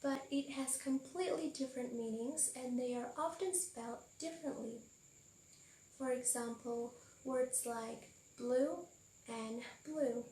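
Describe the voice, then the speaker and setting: A woman's voice: sits high, a little slow, mellow, roomy sound, distant mic, slight background noise, rough recording. A woman teaching English pronunciation, patient and carefully enunciated, repeating example words. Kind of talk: slow, clear teaching explanation.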